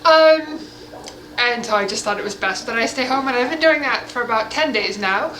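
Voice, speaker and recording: A woman's voice: a little high, lively intonation, normal speed, bright, forceful tone, slight background noise, poor audio. A woman chatting casually in a home vlog, out of breath and slipping into baby talk with her pets. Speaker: vlogger. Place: home, indoors.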